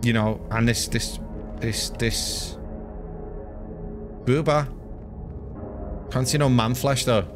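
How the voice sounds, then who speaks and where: A man live-streaming a game, commenting in a crude, joking way with excitable outbursts. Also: mid-range voice, slow, pauses often, music in the background.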